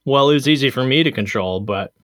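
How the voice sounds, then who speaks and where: A man's voice: medium pitch, fast, a bit bright, no echo, studio quality. A man playing a tabletop game, joking and boasting in character. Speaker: player.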